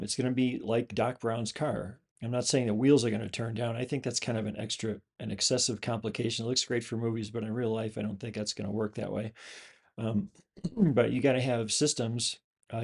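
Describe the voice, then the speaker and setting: Gravelly-voiced man explaining things casually. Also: medium pitch. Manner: rambling, many fillers and restarts. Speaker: channel host, former pilot and flight instructor. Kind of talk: casual explanation over a screen display.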